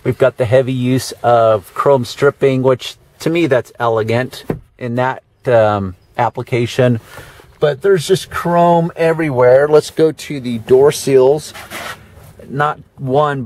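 A man's voice: medium pitch, takes it slowly, darkish tone, a little hiss or hum. Chatty man touring a luxury car. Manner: chatty, dry sarcastic asides, frequent fillers. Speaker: car detailer giving a walkaround tour. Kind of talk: casual handheld car walkaround. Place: in and around a parked car.

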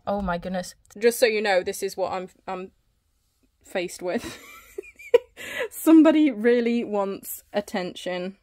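A woman giving a casual home library tour, out of breath and chatty, often stumbling over her words while holding the camera. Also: medium pitch. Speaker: book vlogger. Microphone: handheld camera.

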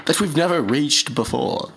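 A man in a comedy skit, making a mock-solemn announcement as a self-serious rapper, halting and rambling with many fillers and restarts. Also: a little high, animated, vocal fry, a bit bright, slight background noise.

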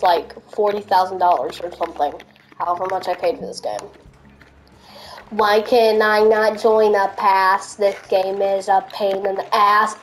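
A woman giving casual commentary over a game she is playing, goofy and quick to shout in frustration at it. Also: mid-range voice. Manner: goofy, sings made-up silly songs between remarks. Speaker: gaming video host.

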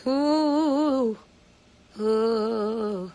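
A woman's voice: high-pitched, normal speed, a bit bright. A young woman chatting casually on a livestream, playful and rambling, with silly noises thrown in. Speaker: singer livestreaming on tour.

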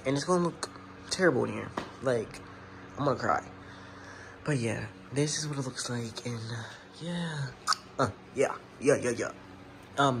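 Chatty young man vlogging by phone. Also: mid-range voice. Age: young adult. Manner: chatty, emotional, talks straight to viewers. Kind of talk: casual vlog. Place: college dorm and campus, in and out of doors. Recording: phone vlog with background noise.

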